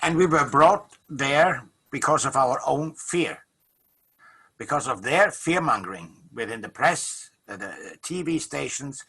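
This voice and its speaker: A man co-hosting a casual talk show, explaining his views in a lecturing way with a husky voice. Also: medium pitch, expressive, a little slow, pushed and bright. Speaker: co-host. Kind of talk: casual conversational chat.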